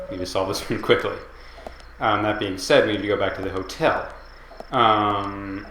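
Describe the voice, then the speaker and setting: A young man rambles through casual gameplay commentary, his talk full of ums and likes. His voice sits a little low. It has a roomy echo, with game music playing clearly behind him. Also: fairly even intonation, normal speed, sharp tone. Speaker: let's play commentator.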